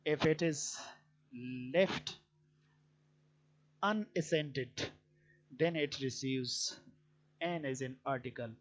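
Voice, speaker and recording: Slow, deliberate teacher. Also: male voice, on the high side. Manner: deliberate, with frequent hesitant fillers. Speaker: English teacher. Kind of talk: explanatory grammar lecture. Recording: dull lo-fi recording.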